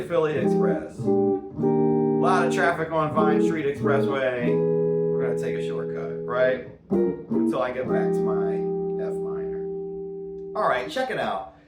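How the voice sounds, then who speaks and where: A man gives a casual jazz guitar lesson, joking and punning between points. His voice sits at a middle pitch and sounds roomy. Loud guitar playing runs behind him. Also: animated, takes it slowly. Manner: playful, punny, chatty asides between examples.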